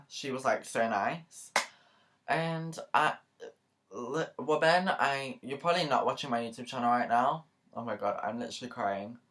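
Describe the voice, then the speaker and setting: A woman's voice: very deep voice, a bit bright. A woman YouTuber talking casually to camera in a chatty, rambling, earnest way, with many asides and fillers. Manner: earnest and emotional. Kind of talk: casual vlog talk to camera.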